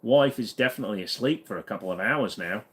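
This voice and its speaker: A man's voice: on the low side, expressive, quick pace. A man hosting a casual livestream, reading chat and rambling with jokes and fillers. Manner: rambling and joking, many fillers. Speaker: livestream host.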